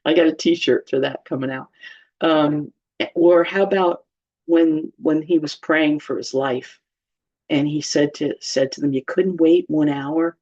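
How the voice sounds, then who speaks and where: A woman's voice: sits low, fairly even intonation, a little slow, a little mellow. A woman giving informal, humorous Bible teaching in a chatty way, laughing often. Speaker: church teacher. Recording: slightly dull lo-fi sound.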